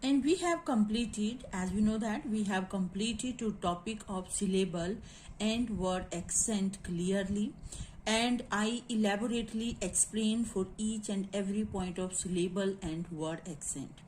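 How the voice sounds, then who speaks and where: A woman teaching a phonetics lesson, spelling out words letter by letter and often asking whether it is clear. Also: medium pitch, a little mellow, slight background noise. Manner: slow, spells out letters and syllables, repeats checks. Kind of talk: classroom lecture on phonetics.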